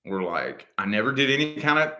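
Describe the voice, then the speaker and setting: A man in relaxed, rambling casual chat with viewers, full of "you know" fillers and the odd curse word. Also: medium pitch, fairly quick. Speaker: host answering viewer comments.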